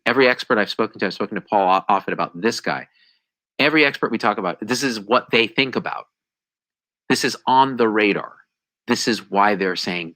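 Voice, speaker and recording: A man's voice: lowish voice, no room sound, low-quality recording. A man hosting a science show, giving heated, emphatic commentary with sarcastic asides. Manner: emphatic, animated, sarcastic ranting.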